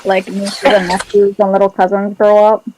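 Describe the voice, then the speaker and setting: A woman's voice: mid-range voice, completely flat delivery, moderate pace, background noise. A woman chatting casually as a co-host, making dry, teasing remarks. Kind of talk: casual chat.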